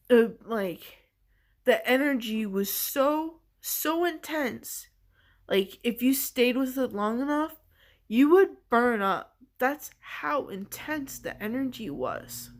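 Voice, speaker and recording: Slow, halting woman telling a personal story. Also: medium pitch. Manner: halting and searching, heavy use of "like"; earnest and emotional. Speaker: vlogger.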